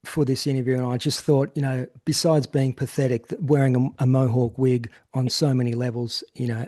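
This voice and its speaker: Male interviewer, mellow tone, friendly, chatty, stumbling openings. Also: mid-range voice, flat delivery, fairly quick. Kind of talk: podcast interview.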